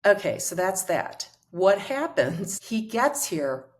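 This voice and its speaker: A woman's voice: mid-range voice, very animated, takes it slowly. A middle-aged woman, a coach and author, telling a personal story in conversation and acting out the quoted dialogue.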